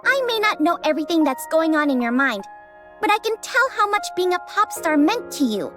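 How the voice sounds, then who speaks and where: A fiery young woman manager insists and scolds in a very high, lively voice. She talks bossy and indignant, never backing down. Game music plays clearly under her lines. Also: fairly quick. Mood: determined. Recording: game dialogue over music.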